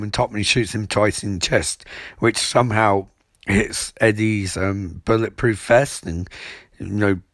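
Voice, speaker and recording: A young man recapping a TV episode in a mocking, rambling way, tossing off quick impressions of the characters. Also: lowish voice, a bit bright, dry recording, studio quality. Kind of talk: sarcastic comedic episode recap.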